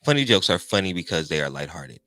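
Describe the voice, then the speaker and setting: A playful man co-hosts a casual podcast, his lowish voice carrying a bright, forceful edge. His pitch moves a lot as he teases and jokes. He is from Fort Wayne, Indiana, and the sound is dry and close. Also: very animated, quick pace, no room sound. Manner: playful, teasing, jokey. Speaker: podcast co-host. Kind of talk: casual chat. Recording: dry close mic with headphones.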